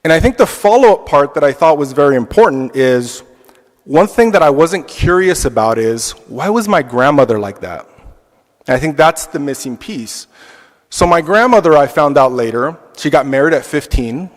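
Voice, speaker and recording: A man's voice: a little high, expressive, normal speed. A man teaching an adult church class, telling a personal story in a reflective way with casual fillers. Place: church hall. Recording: long reverb of a church hall.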